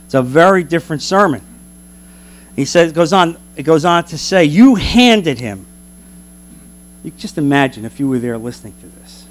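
A man teaching a Bible class in an animated preaching manner, full of rhetorical questions. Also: fairly high pitch, a little fast.

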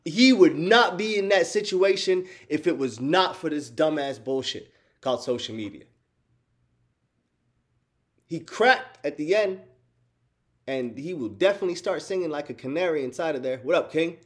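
A man in casual chat with his viewers, animated and profane, laughing often and calling them y'all. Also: a little high, moderate pace, pauses often. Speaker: streamer talking to chat.

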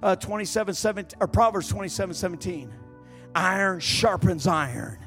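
A man preaching a sermon as an evangelist, impassioned and building up to shouting. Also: high-pitched, brisk, faint music behind. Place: church sanctuary.

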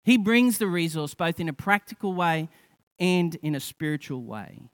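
Male pastor, clear slightly high voice; impassioned sermon delivery with hushed dips. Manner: impassioned preaching with rising emphasis and soft, drawn-out scripture quotes.

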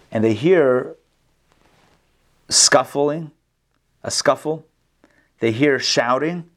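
Man, teacher, online class, video call, animated storyteller, conversational. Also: mid-range voice. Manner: animated storyteller, acts out the characters. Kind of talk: casual lecture with storytelling.

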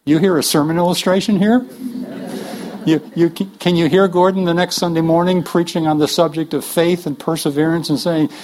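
A man's voice: fairly high pitch, steady tone, moderate pace, a little mellow, a little hiss or hum. Emphatic man lecturing on preaching. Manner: emphatic, with rhetorical questions to the audience. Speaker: speaker teaching preachers.

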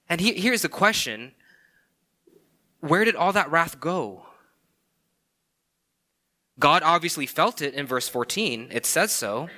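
A man's voice: fairly high pitch, sharp tone. A man preaching a sermon, speaking emphatically and asking many rhetorical questions. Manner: emphatic, rhetorical questions, frequent "okay" and "right". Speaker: pastor.

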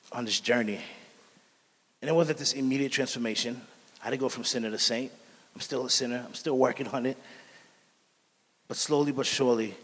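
A man giving a preached personal testimony as a missionary, telling his story earnestly and dropping soft and quiet on key lines. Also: mid-range voice, long reverb tail.

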